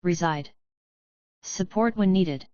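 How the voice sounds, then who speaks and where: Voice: mid-range voice, takes it slowly, a little mellow, no room sound, dull audio, close to an everyday voice. A woman voicing a terse, godlike creature in pony form who answers in clipped words.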